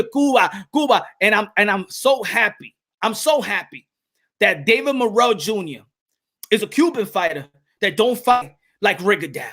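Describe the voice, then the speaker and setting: A man hosting a casual boxing livestream, excitable and slangy, often shouting and laughing as he talks. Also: very high voice. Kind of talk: casual livestream chat reading viewer comments.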